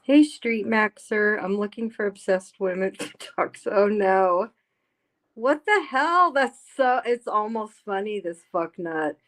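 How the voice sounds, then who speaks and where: A woman chatting slowly and unhurriedly on a home livestream. She reads chat messages aloud, talks bluntly and swears freely. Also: medium pitch, animated. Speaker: livestream host. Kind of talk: casual live-stream chat.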